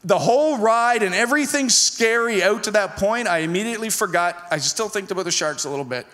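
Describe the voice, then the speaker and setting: A man preaching a sermon, telling a personal story in an animated way and acting out his own lines with a raised voice. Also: high-pitched, brisk. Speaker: pastor. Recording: long hall reverb.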